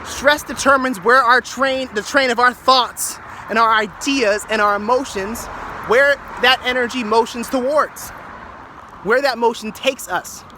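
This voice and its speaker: A man's voice: extremely high pitch, steady tone, a little slow, bright, forceful tone, slight background noise. A man musing aloud in a loose, improvised reflection, playing with words and often restarting his phrases. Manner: wordplay-driven musing with restarts and repetition. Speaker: speaker sharing reflections.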